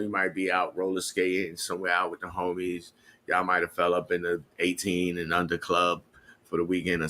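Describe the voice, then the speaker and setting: Laid-back deep-voiced man hosting. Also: bright, forceful tone. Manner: laid-back slang, reflective. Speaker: podcast host. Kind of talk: casual podcast chat.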